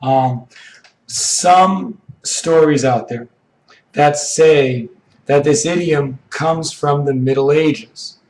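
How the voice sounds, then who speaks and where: A man teaching an English idiom lesson, his voice hoarse and froggy from allergies, explaining slowly with frequent "okay"s. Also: fairly high pitch, roomy sound, low-quality recording. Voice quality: froggy, rough throat.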